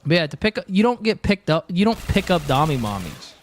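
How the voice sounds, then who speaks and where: Playful high-voiced young man streaming. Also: sing-song, fairly quick, slight background noise. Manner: joking, rambling, playful. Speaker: livestreamer. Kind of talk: casual stream chat with viewers.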